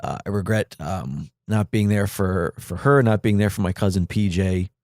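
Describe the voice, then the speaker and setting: A man hosting a podcast, speaking from the heart in a halting, grieving monologue full of fillers and restarts. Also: low voice, darkish tone, dry recording, clean studio sound. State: grieving, voice catching. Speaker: podcast host.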